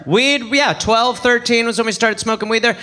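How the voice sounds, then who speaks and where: A man from England doing a stand-up routine on a comedy club stage, animated, acting out voices and laughing at his own jokes. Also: extremely high pitch, moderate pace. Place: comedy club stage before a live audience.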